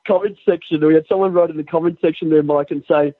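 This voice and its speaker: A man's voice: a little high, steady tone, fast, hardly any pauses, no echo. A man calling in to a show, talking crudely and jokingly in a rambling way. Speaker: caller. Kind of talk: casual chat. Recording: tinny phone line.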